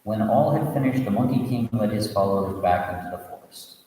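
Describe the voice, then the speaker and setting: A man, a reverend, tells a Buddhist tale as a sermon, reading aloud with asides and restarts and giving the characters lively voices. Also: lowish voice, brisk. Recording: echoey, reverberant room audio from a distant mic.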